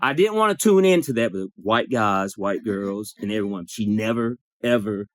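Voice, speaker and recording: A man in a support circle telling an emotional personal story, acting out the dialogue in lively bursts and swearing now and then. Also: lowish voice, normal speed, no room sound, clean studio sound. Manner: animated, acts out dialogue, swears.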